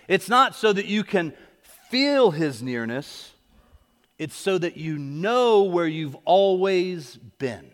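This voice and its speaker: A man's voice: high voice, sing-song, slow pace, fairly bright tone. A man preaching a sermon as pastor, driving his points home with repeated questions and calls to come forward. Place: church sanctuary. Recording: echoey hall.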